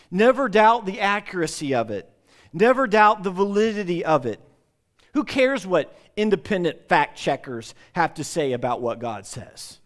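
Male pastor, slightly raised pitch, emphatic sermon delivery with restarts. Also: a bit bright. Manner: emphatic preaching with repetitions and restarts.

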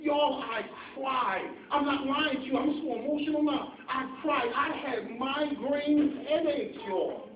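A man's voice: extremely high pitch, a little slow. A man preaching an impassioned, pleading sermon, firing off rhetorical questions at his congregation. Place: church sanctuary. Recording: echoey church, far from mic, tinny phone-like sound, faint noise.

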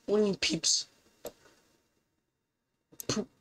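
A woman giving casual gameplay commentary, excitable and incredulous, swearing often and jumping up in pitch when surprised. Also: slow, low-quality recording.

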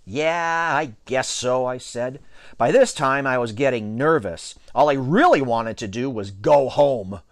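A man reads a children's chapter book aloud, telling it in the first person. His storytelling is expressive, with lively pitch. The recording is close and dry. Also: a little slow, dry recording. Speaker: audiobook reader. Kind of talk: storybook narration.

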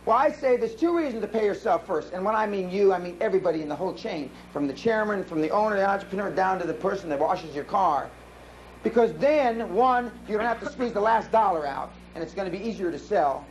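A man with a high-pitched voice speaks at a seminar, brash and profane as he tells stories to the audience. A faint hiss of live-room noise sits under his voice. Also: lively intonation, quick pace, poor audio.

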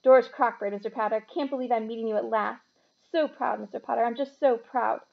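A woman's voice: a little high, fairly even intonation, brisk, creaky, muffled recording. A woman doing a starstruck, gushing pub patron. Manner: loud and gushing.

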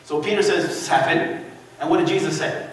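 A pastor with a high-pitched voice delivers a lively sermon, telling the story animatedly and calling on the congregation to answer him. He speaks at a moderate pace into a distant mic, his voice ringing through a large, echoey sanctuary over a faint room murmur and a little hiss or hum.

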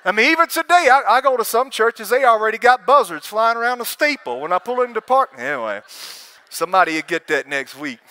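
Preacher, high bright voice, lively storyteller. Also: male voice, fairly quick, clear, resonant tone. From Alabama. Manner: animated storytelling, acts out quoted voices, laughs often. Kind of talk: testimony sermon at a conference. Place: conference hall with live audience.

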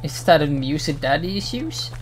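A woman's voice: sits low, animated, moderate pace, soft background music. A woman chatting casually with friends over voice chat while gaming, joking and swearing freely. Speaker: gamer streaming with friends.

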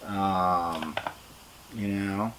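A man's voice: sits low, fairly even intonation, very slow, fairly bright tone, slight background noise. A man, a guest on an interview show, chatting casually, rambling and laughing as he talks. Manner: rambling, laughing, swearing freely. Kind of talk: casual chat.

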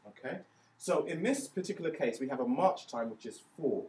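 A man's voice: medium pitch, animated, normal speed, darkish tone. Patient man teaching, echoey room. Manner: patient, counts beats aloud, frequent "okay?" checks. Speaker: music teacher. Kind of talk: explaining hymn music theory step by step. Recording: echoey room, voice a bit far from mic, faint ambience.

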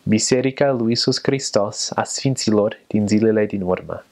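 A young man who served as a missionary, talking slowly and carefully and repeating each word. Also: on the low side, darkish tone. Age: young adult. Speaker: returned missionary. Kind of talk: casual talk with vocabulary recitation.

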